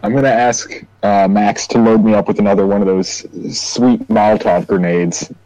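A young man playing a tabletop game, making joking quick asides, heard through a dull, dry lo-fi mic. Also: on the low side, steady tone, warm tone, no room sound. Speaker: player. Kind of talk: casual tabletop play.

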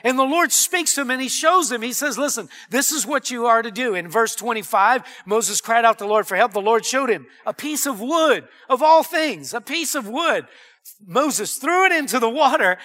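A male pastor delivering an earnest, emphatic sermon. His voice is very high and bright with a sharp edge. He keeps building to louder exclamations.

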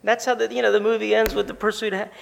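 A pastor delivers his sermon in a high voice with a gravelly edge. He is animated, slows for emphasis and puts questions to his listeners. His voice rings out in the long reverb of a large hall. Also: slight background noise.

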